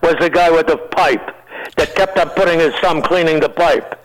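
An elderly man in his nineties chatting on a radio show, his voice sitting high for a man. He rambles from joke to joke, loses words and trails off, then chuckles at his own punchlines, all over a radio broadcast sound. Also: fairly even intonation, normal speed, low-quality recording. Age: 90s. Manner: rambling, joking, searches for words, laughs at own jokes. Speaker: comedian guest. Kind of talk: casual joking chat.

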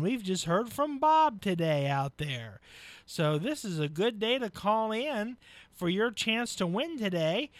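Man, radio host, folksy, high voice, dry studio sound. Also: a bit bright, dry recording. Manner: folksy, chuckling, with filler pauses. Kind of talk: casual live radio chat.

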